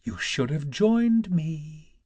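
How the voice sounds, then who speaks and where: A man's voice: on the high side, sing-song, slow, darkish tone, husky, dry recording, heavily acted. A man voicing a malicious male god of war who speaks from flames in an audiobook, with a silken, mocking, scornful tone. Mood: silken menace. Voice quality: silken, menacing. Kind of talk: audiobook character voice.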